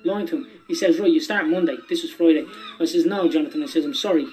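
Man, raised pitch, rambling casual storytelling, cursing, podcast guest. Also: darkish tone, faint music behind, rough recording. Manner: rapid, rambling, swears freely.

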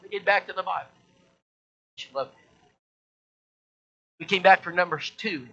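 A man's voice: sits high, moderate pace, pushed and bright, highs cut off. A male preacher delivering a sermon in an emphatic, repetitive, rallying way.

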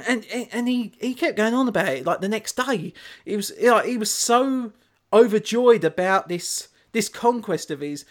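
A man's voice: high-pitched, lively intonation, moderate pace. A man co-hosting a podcast, telling a story in a rambling way, full of fillers and restarts. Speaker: podcast co-host. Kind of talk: casual chat.

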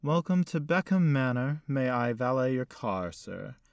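A man voicing an old butler who speaks in a stiff, ceremonious and slow manner. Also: medium pitch, big pitch swings, creaky, no room sound, studio quality, voice pushed up. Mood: formal.

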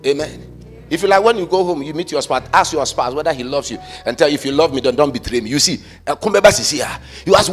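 A pastor preaching a fervent sermon, swinging between loud shouted calls and quiet asides, slipping into sung phrases. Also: male voice, fairly high pitch, expressive, quick pace, faint music behind.

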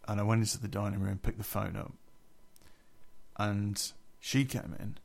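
A man's voice: fairly low pitch, little pitch movement, moderate pace, creaky. A man telling a personal story in a blunt, casual way, swearing heavily.

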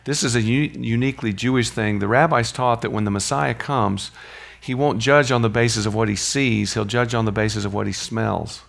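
A man's voice: medium pitch, normal speed, creaky, few pauses, fairly bright tone. A man teaching a Bible lesson in a conversational way, restarting phrases and asking rhetorical questions.

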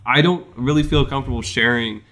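A young man chatting casually with a friend, talking in a soft, reflective, candid way. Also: medium pitch, fairly quick. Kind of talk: casual chat between friends.

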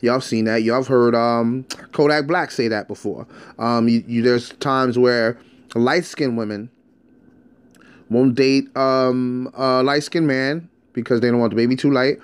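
A man's voice: mid-range voice, fairly even intonation, moderate pace, clean tone. Candid streetwise man telling his story. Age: adult, past his teens. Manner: candid, streetwise, repeats words and restarts. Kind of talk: casual personal storytelling monologue.

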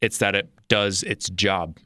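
A man chatting casually with friends about ads, explaining his views at measured length. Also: on the low side, steady tone, bright, forceful tone, no echo, clean studio sound. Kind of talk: casual chat.

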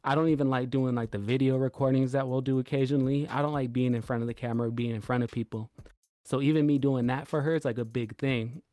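A man co-hosting a podcast, telling a long story in a relaxed way and acting out what others said. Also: medium pitch, quick pace, no room sound. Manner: laid-back storytelling, retelling quotes. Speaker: podcast co-host. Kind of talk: casual chat.

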